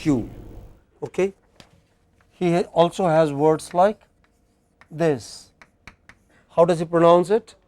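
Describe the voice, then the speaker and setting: In an indoor classroom, a male English teacher with a slightly high, mellow voice gives instruction in a steady tone. He speaks slowly with frequent pauses, chats casually, restarts sentences and quizzes his students.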